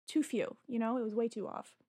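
A woman's voice: fairly high pitch, fairly quick, mellow, husky, dry recording, clean studio sound. A woman co-hosting a podcast, chatting casually and enthusiastically about a film, laughing easily and trailing off mid-thought. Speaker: podcast co-host. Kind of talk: casual film review chat.

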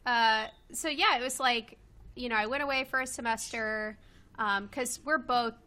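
A woman in her twenties from Kentucky talks casually at home, piling up fillers and quick laughs. Her voice sits a little high and sounds bright and forward. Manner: chatty, many fillers and laughs. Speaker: guest. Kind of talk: casual chat. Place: home with a loud pet bird.

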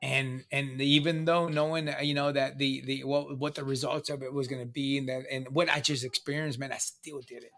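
A man's voice: mid-range voice, flat delivery, brisk, vocal fry, few pauses, fairly bright tone. A middle-aged man casually telling a long personal story, profane and emphatic, looping back with restarts and fillers. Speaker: guest sharing his recovery story.

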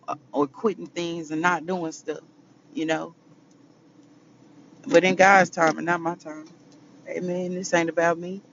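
A man with a slightly high voice and a gravelly, fry-laced edge preaches to his viewers, calling them baby and honey. He sounds emotional after a hard day. The sound is muffled, and loud vehicle noise runs underneath. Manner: preachy, affectionate, calls listeners baby and honey. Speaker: vlogger. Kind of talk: casual spiritual talk to viewers.

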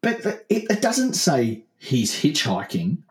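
Bantering man with a lively voice. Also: on the high side, roomy sound. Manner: bantering, breaks into quick silly character voices. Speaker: podcast co-host. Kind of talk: comedic casual chat.

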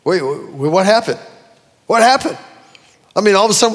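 A man preaching a sermon in an animated way, with dramatic swings in his voice as he quotes scripture. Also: high-pitched, normal speed, long pauses, in a large hall. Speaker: pastor.

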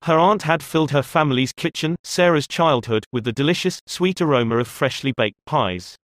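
A man narrating an audiobook in a measured, expressive storytelling manner. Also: fairly high pitch, no echo, studio quality.

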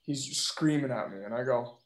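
A man who drives a delivery truck, telling a work story in animated casual chat. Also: medium pitch, normal speed. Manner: animated, vivid retelling. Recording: roomy echo with faint noise.

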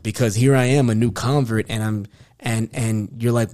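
A man's voice: lowish voice, fairly even intonation, normal speed, a little mellow. Earnest man from Queens. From Queens, New York. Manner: earnest, reflective storyteller. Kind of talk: casual conversation.

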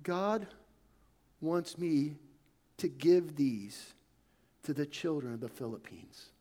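A man voicing a shy, sincere seven-year-old boy, speaking softly in a sermon story. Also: fairly high pitch, expressive, takes it slowly. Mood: earnest.

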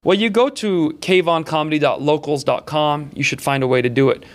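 Sarcastic male comedian host. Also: fairly high pitch. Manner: sarcastic, mocking, riffs quickly between topics. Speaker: comedian hosting a political talk show. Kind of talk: comedic political commentary.

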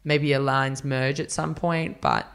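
A man's voice: mid-range voice, little pitch movement, a little slow, vocal fry, fairly bright tone, clean tone. A man, a podcast guest, chatting casually and telling stories, acting out quotes with lots of fillers. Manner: chatty storyteller, acts out quotes, many fillers. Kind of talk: casual interview chat.

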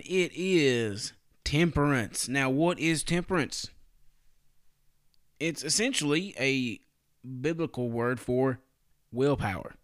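A man's voice: medium pitch, no echo, clean studio sound. A man giving a casual morning devotional on his podcast, folksy and plain-spoken, asking his listeners rhetorical questions. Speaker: podcast preacher.

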